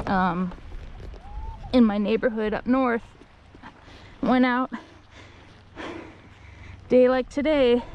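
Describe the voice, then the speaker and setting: Unhurried woman vlogging from a windy kayak. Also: medium pitch, creaky. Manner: chatty and candid, bursts into excited whoops. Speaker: kayak angler filming her tournament day. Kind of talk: casual vlog narration while fishing. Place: outdoors on a kayak on a windy lake. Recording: strong outdoor wind noise.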